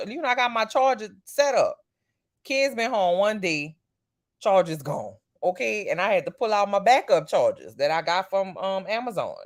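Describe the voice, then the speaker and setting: A vlogger chatting casually to the camera, slangy and loose. The voice sits at a middling pitch and leaps sharply upward for emphasis, then drops back to a low, easy murmur. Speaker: vlogger, parent. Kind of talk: casual chat to camera about TV shows.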